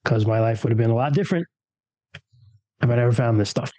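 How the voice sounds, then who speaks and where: A man's voice: mid-range voice, fast talker, warm tone, dry recording. A man chatting casually with fellow players in a rambling, easygoing way. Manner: rambling, easygoing, lots of filler words. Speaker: player and co-host. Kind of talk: casual chat among players.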